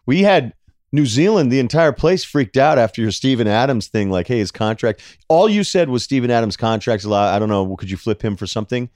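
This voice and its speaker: A man guest on a sports podcast, telling animated stories and acting out quotes. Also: mid-range voice, brisk, no echo, clean studio sound. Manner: animated storyteller, acts out quotes. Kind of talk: casual sports chat.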